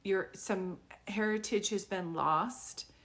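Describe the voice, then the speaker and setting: A psychic medium with a medium-pitched, fairly bright voice gives a live reading slowly. She talks in a rambling, conversational way full of fillers, earnestly and pleadingly checking again and again whether her words make sense.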